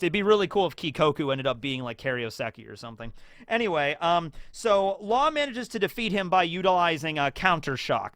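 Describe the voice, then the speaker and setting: A man's voice: a little high, no room sound, studio quality. A man hosting a casual discussion show, talking chattily with lots of fillers and acting out scenes. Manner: animated, acts out scenes in character voices. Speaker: YouTube host.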